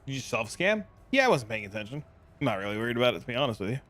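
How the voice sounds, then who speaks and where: A man's voice: mid-range voice, sing-song, very fast, fairly bright tone. A young man streaming a game, chatting loosely with viewers in slangy, casual talk. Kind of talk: casual live-stream chat.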